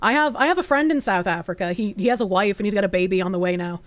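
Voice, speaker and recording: A woman's voice: medium pitch, fast talker. A woman streamer giving casual, earnest reaction commentary and swearing now and then.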